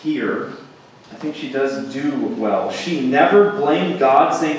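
A man preaching a sermon as pastor, slow and deliberate, swelling to emphatic peaks and then dropping quiet. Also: mid-range voice, animated, a little hiss or hum. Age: young adult to middle-aged, father of boys. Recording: echoey hall, speaker far from mic.

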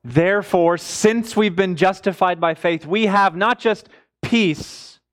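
A man preaching a sermon, emphatic, rising high on key words and dropping low and quiet between them. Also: slow.

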